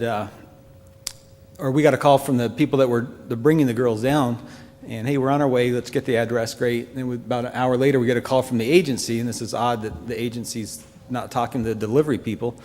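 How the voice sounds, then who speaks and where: A man's voice: mid-range voice, darkish tone. Earnest man in a reverberant church hall. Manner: earnest, heartfelt, halting. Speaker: church member giving a testimony. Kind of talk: personal testimony to a congregation.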